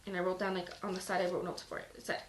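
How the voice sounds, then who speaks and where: A woman's voice: on the low side, completely flat delivery, very fast, echoey room, rough recording. A woman hosting a casual live-streamed Bible reading, reading passages aloud and then talking them through in a chatty way full of "like". She is out of breath. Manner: chatty, lots of "like" fillers. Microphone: phone on a live stream.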